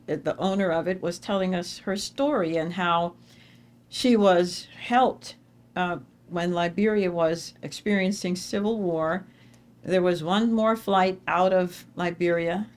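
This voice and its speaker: A middle-aged woman addresses a live audience with an inspirational faith talk, telling stories full of animated, emphatic repetition. Her voice is on the lower side.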